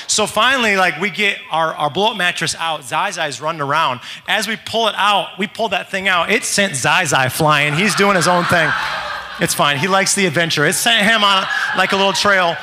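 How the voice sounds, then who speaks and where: An animated man tells a story with excitable, fast-shifting energy. His voice is very bright and sits a little high. The room around him carries a long, ringing echo. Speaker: father telling a family story. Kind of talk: casual storytelling.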